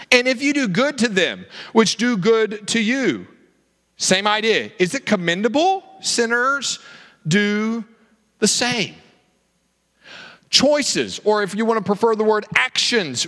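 A male pastor preaching a sermon, animated and full of rhetorical questions. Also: high voice. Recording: reverberant hall.

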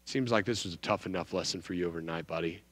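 A man voicing a police officer in a casual, mock-lenient tone, dropping far below his usual pitch and volume. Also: quick pace, a bit bright, big-room sound. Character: gruff low-voiced male police officer.

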